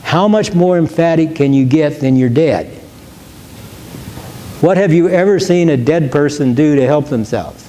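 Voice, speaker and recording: A man teaching as a pastor in a church, earnest and emphatic, slowing down to stress key words and often restarting his phrases. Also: a little high, dark tone, slight background noise. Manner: repeats and restarts words while thinking. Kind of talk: question-and-answer teaching.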